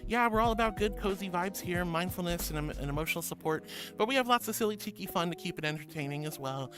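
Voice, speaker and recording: Tender, high-pitched male streamer, doting on chat, soft music bed. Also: animated, quick pace. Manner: gentle and affectionate, calls viewers honey and sweetie. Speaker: VTuber streamer. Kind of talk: casual livestream chat, reading viewer messages.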